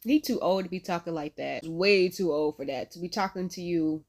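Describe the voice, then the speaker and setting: A young woman hosting a reaction video, chatting casually with lots of slang, frequent laughter and sudden high squeals. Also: moderate pace, darkish tone. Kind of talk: casual chat to camera.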